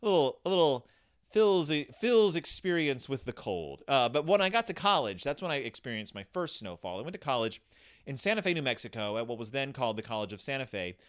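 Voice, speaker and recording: Chatty man with a lively voice. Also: medium pitch, fairly quick, clean tone. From United States (Texas). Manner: chatty, rambling, with frequent fillers and restarts. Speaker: podcast host reviewing children's books. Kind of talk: casual monologue review.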